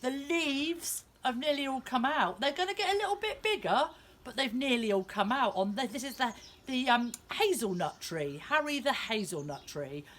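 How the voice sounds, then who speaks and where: Animated woman teaching kids outdoors. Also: high-pitched, normal speed, a little hiss or hum. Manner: animated, sing-song, talks directly to kids. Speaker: children's nature educator. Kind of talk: lively outdoor lesson for young children. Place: small urban back garden, outdoors.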